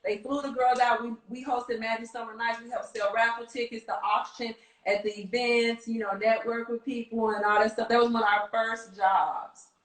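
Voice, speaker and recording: A woman from Kansas City with a Midwestern accent, a casting director telling animated stories in an interview and laughing often. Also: on the high side, moderate pace, few pauses, reverberant, poor audio. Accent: Midwestern American. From Kansas City, United States. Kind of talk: storytelling interview.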